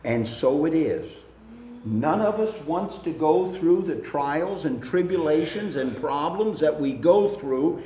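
Male preacher, unhurried sermon delivery that swells at the peaks, echoey room. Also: expressive, mellow, a little hiss or hum. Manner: slow, deliberate preaching that rises in pitch and force at climaxes.

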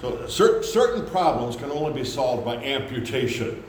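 A man preaching a sermon, animated, acting out quotes in loud high voices. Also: normal speed. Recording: very echoey room with faint background hum.

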